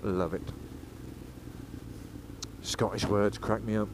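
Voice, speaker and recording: A man's voice: fairly low pitch, level tone, slow. A man from England rambling chattily as he rides a motorcycle, swearing freely and drifting between topics. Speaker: motorcycle vlogger. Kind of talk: casual riding commentary. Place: outdoors on a moving motorcycle on the road. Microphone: helmet-mounted action camera. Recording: faint road and engine noise.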